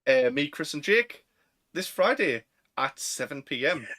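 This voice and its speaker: A man's voice: fairly high pitch, very animated, a little slow, bright, forceful tone. A man with a Northern English accent, co-hosting a casual podcast chat, who talks in slang and laughs often. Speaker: podcast co-host.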